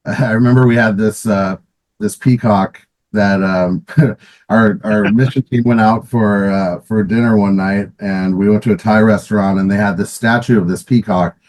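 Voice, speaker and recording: A middle-aged man with a somewhat low voice reminisces in a loose, rambling way. He restarts his sentences, fills gaps with ums and you-knows, and chuckles as he goes. It is a relaxed interview with a former player. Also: poor audio. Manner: rambling, many restarts and fillers, laughs often. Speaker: guest, former pro roller hockey player. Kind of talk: casual interview storytelling.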